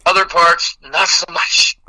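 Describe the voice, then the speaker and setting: A man from Texas in a metal band, answering interview questions in a laid-back, profane way with halting fillers. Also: fairly high pitch, steady tone, bright, forceful tone, no echo, low-quality recording.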